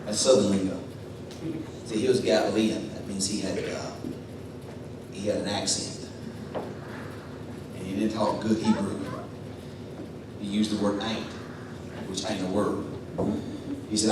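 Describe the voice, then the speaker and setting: A man preaching a sermon as pastor, telling a story in a low voice and then building to loud, chanting, sing-song preaching. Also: distant mic, background noise. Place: church sanctuary. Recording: echoey church from afar with music.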